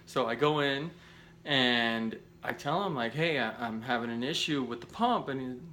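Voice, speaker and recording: Male vlogger with a bright, forward tone, telling a rambling, self-mocking story straight to camera. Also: medium pitch, moderate pace. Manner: animated, self-deprecating, rambling with restarts.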